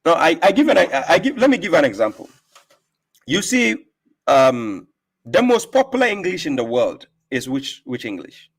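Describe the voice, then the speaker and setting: A man's voice: on the high side, big pitch swings, moderate pace. A man hosting a live stream who speaks emphatically and lectures, often putting rhetorical questions to his listener. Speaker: host giving talks on religion. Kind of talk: casual debate on a live stream.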